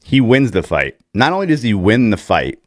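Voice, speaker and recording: A man's voice: on the low side, sing-song, normal speed, no room sound, studio quality. A young adult man co-hosting a casual film chat, animatedly retelling scenes and laughing as he goes. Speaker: podcast co-host.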